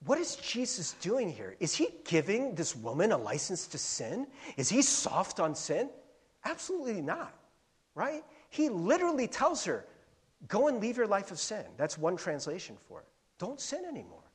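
A man preaching a sermon as a pastor, telling a story with animated asides and chuckles, in a slightly husky voice. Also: high voice, normal speed.

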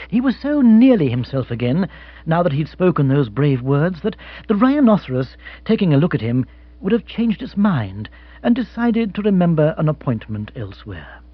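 A man narrating a comic novel with wry relish. His voice is husky and a little high, with an animated melody. The recording is dry and somewhat dull. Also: no room sound. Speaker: audiobook narrator.

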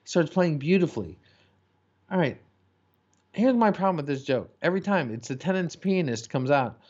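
A man hosting a casual chat, reading listener jokes aloud with profanity and animated put-on voices. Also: on the high side, normal speed, husky, highs cut off. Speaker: podcast host reading listener questions.

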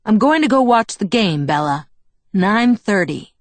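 A woman reading the part of a sullen, gruff middle-aged father in an audiobook, with curt, grumbling lines. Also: medium pitch, sing-song, measured pace, dry recording, pitched above the performer's own voice.

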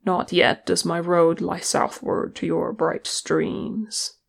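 A woman voicing a grave, stern male ranger leader in a fantasy audiobook, speaking in a measured, solemn way. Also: lowish voice, little pitch movement, creaky, slightly rough, heavily acted.

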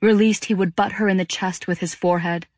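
A woman narrating an audiobook with a steady, even reading. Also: medium pitch, brisk, no echo, studio quality. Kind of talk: scripted narration.

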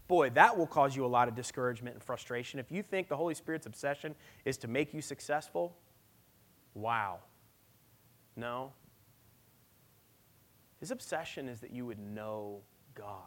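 A man in his thirties, a pastor giving a conversational, emphatic sermon with personal stories. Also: fairly high pitch.

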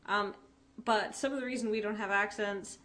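A woman born in New Zealand chatting casually on a podcast, blunt and quick to interject. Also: mid-range voice, steady tone, fairly bright tone. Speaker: podcast co-host. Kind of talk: casual group chat.

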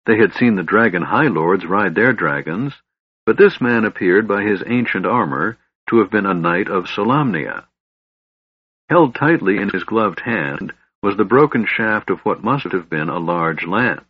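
Male fantasy narrator: low, husky, lively reading, lo-fi dry sound. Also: unhurried, dry recording. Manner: expressive storytelling. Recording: dull, dry lo-fi recording.

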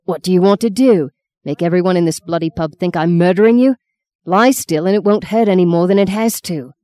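This is a woman putting on a brusque young man from a spoken novel, terse and commanding. The voice sits lowish and mellow, recorded dry with no room sound. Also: animated, moderate pace, no echo, close to an everyday voice. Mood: harsh, impatient. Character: blunt young adult man, impatient husband.

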